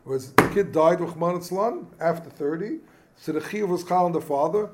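A man's voice: fairly high pitch, moderate pace, a little mellow. A man teaching an informal Talmud class who halts, repeats words and keeps asking rhetorical questions. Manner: mixes Yiddish-Hebrew study terms into speech.

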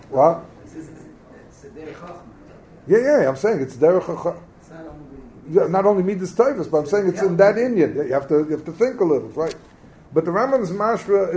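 A man's voice: high voice, a little mellow. A man giving a Talmud class lecture as a Torah teacher, explaining texts in English mixed with Hebrew terms and quizzing his students.

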